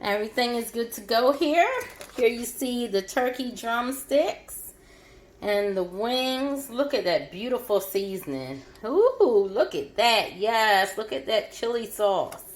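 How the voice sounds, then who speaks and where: A woman's voice: on the high side, expressive, slow. A woman vlogging her home cooking, chatting through each step as she shows the food. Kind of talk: cooking demonstration.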